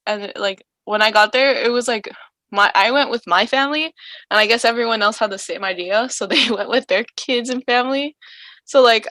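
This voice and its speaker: A young woman co-hosting a casual podcast chat, animated and full of fillers. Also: on the high side, dry recording. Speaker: podcast co-host.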